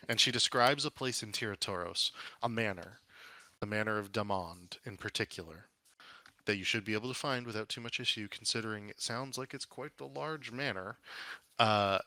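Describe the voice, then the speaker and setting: A man narrating as game master in a tabletop game, halting and restarting as he goes. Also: lowish voice, sharp tone, no echo.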